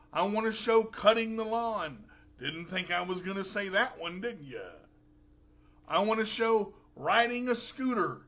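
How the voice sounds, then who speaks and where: A man hosts his own show with an unhurried, playful, joking delivery. His voice sits high and bright. The recording sounds dull and lo-fi. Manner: jokey, playful storyteller. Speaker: show host. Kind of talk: casual podcast talk.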